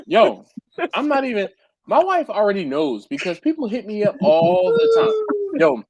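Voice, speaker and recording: A man's voice: high-pitched, wildly swooping pitch, normal speed, a little mellow, breathy edge, no echo. A man who hosts a barbecue channel, telling stories in a casual live group chat. He talks in slang and acts out his customers' messages. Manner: uses slang like "yo", "fam", "dog". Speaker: BBQ caterer and channel host.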